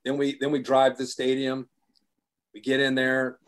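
A man's voice: mid-range voice, moderate pace. An older man telling a story in a casual chat, acting out what others said. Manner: animated storyteller, acts out quotes. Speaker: guest, sports broadcaster.

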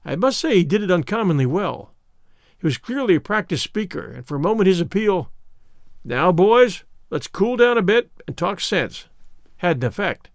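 A man reading a story aloud in a measured, storytelling audiobook manner. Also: on the high side, darkish tone, no room sound, studio quality. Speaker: narrator. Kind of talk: audiobook narration.

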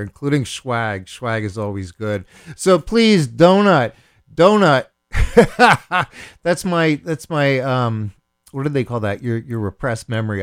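A man hosting a radio show, making a playful, rambling on-air appeal for donations with jokes and wordplay. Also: on the low side. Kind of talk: casual on-air donation pitch. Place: radio studio.

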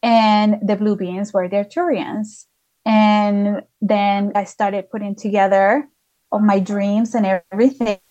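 A woman's voice: mid-range voice, little pitch movement, a little slow, warm tone, lo-fi sound. A woman guest, a spiritual healer from outside the United States, telling personal stories in casual, chatty talk full of "like". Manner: chatty, frequent "like" fillers. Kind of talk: casual conversational storytelling.

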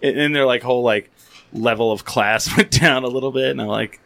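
A man's voice: medium pitch, fairly quick, gravelly, fairly bright tone. A man hosting a podcast, telling rambling stories in casual chat, full of restarts and freely swearing. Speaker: podcast host.

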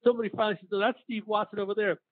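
High-voiced man hosting over a phone line. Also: fairly even intonation, rapid-fire, no echo. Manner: chatty, tells his own side anecdote. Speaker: interview host, longtime team media man. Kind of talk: casual interview chat. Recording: dry tinny phone-like sound.

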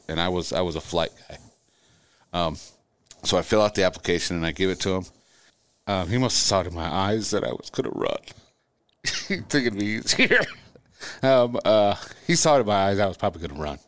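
A middle-aged man with a very deep, low voice tells a personal story, often stumbling over and repeating his words. The recording is close and dry, with no room sound. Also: no echo. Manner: halting, repeats words while recounting. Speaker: guest.

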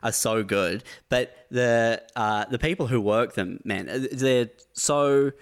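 A man's voice: mid-range voice, slow pace. A man in casual chat, telling anecdotes in an easygoing way.

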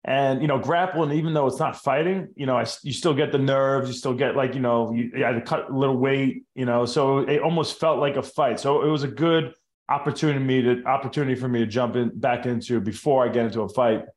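A man talks as a guest on a casual podcast, relaxed, friendly and reflective. His voice sits in the middle range, and the recording has a roomy echo. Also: medium pitch, a little fast.

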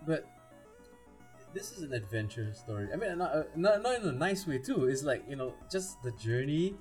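A man's voice: a little high, big pitch swings, normal speed, faint music behind. A man from India co-hosting a podcast, chatting casually about films, laughing often and acting out quotes. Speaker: podcast co-host. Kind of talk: casual film chat.

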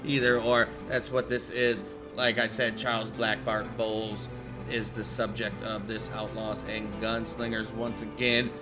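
A man's voice: on the low side, flat delivery, measured pace, music in the background. A man, co-hosting a casual history podcast, laid-back and swearing between facts. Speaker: podcast co-host. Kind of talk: casual chat and reading history. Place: garage with a pellet stove.

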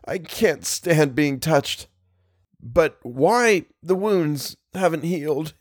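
A man voicing a frightened, broken scholar who speaks in halting, faltering, sobbing phrases. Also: mid-range voice, lively intonation, no echo, studio quality, voice pushed up, close to an everyday voice. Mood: anguished. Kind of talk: audiobook character voice.

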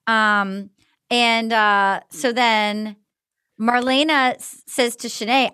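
High-voiced woman gossiping on a podcast. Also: takes it slowly, bright, forceful tone, smooth, no room sound, studio quality. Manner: chatty, profane, full of fillers. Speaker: podcast host. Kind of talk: casual chat recapping a dating show.

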